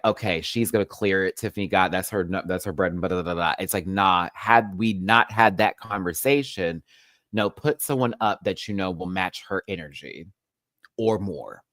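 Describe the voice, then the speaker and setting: A man hosting a casual live review, campy and sassy, laughing often and swinging his pitch wildly. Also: fairly bright tone, no room sound, clean studio sound. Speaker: show host, reality TV reviewer.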